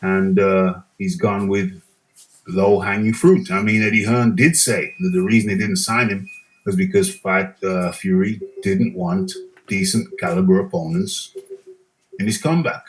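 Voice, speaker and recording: A man's voice: sits low, unhurried, low-quality recording. A man hosting a live boxing chat show, musing casually and reading out viewer comments. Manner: relaxed, musing, reads viewer comments aloud.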